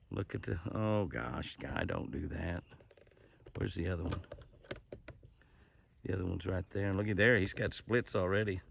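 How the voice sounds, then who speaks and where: A ranch owner and show host with a deep, creaky voice narrates casually outdoors as he feeds deer. His tone is folksy, and he coaxes the animals closer with a sing-song call.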